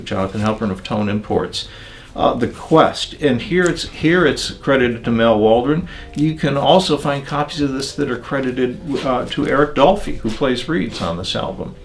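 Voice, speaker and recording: An older man talking about records and turntables in a relaxed, digressive interview, with many pauses and fillers. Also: mid-range voice, creaky. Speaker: audio magazine editor.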